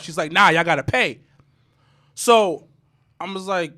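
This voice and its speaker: A man in his thirties telling a story in casual podcast chat, animated and profane, with stammering restarts. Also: high voice, moderate pace, long pauses. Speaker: podcast co-host.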